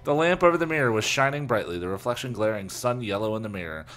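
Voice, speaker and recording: Bright-voiced man hamming up a reading. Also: on the low side, animated, slight background noise. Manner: playful, laughing, quick asides. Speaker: podcast co-host. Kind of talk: comedic reading aloud of a children's book.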